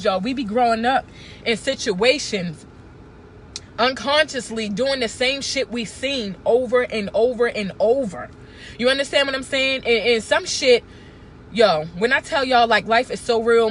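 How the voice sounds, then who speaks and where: A woman's voice: fairly high pitch, a little hiss or hum. A woman, talking to camera in a blunt, profane, emphatic casual rant. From Baltimore. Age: 30s. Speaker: vlogger.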